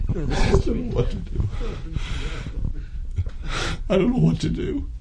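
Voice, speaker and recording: An actor playing a desperate man at his wits' end, who repeats himself and swings between mutters and shouts. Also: high-pitched, big pitch swings, slow pace, creaky, background noise, full character voice. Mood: pleading. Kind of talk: film acting.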